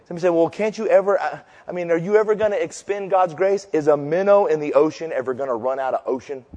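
A man preaching a sermon as pastor, telling stories loudly, shouting punchlines, then dropping low and slow to make his point. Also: long reverb tail, highs cut off. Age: 50s.

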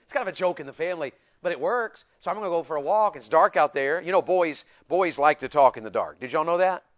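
A middle-aged man preaching a sermon to men, swinging between loud and soft and acting out voices. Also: on the high side, lively intonation, fast talker.

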